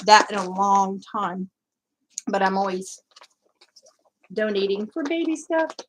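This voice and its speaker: A woman's voice: mid-range voice, a little hiss or hum, poor audio. A woman hosting her crafting channel, unboxing a gift and chatting, gushing and exclaiming, often choked up and close to tears. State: tearful, choked up. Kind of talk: casual vlog unboxing chat.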